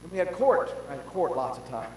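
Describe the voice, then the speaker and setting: An older male pastor preaching a sermon, telling stories with animated swings from shouts to hushed tones, recorded in a large pavilion. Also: on the high side, a little fast. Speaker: senior pastor. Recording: roomy hall with long reverb and faint hum.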